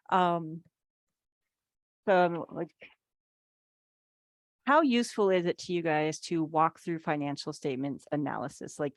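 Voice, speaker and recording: A woman's voice: low voice, no room sound, clean studio sound. A woman giving a casual online workshop on business finances, chatty, full of "like"s and playful acted asides, speaking over a video call.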